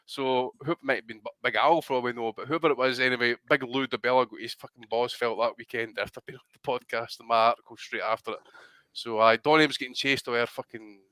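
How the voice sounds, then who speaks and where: A man, a podcast co-host telling an animated, profane story in casual chat. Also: medium pitch, fast, no room sound.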